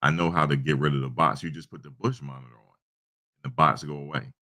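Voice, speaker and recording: Super deep voiced guy rambling on his stream, aave, lots of restarts, bright punchy tone, desk mic. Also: steady tone, fast talker. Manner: rambling storytelling with many restarts. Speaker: channel host. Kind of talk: casual live-stream chat. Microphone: desktop USB microphone.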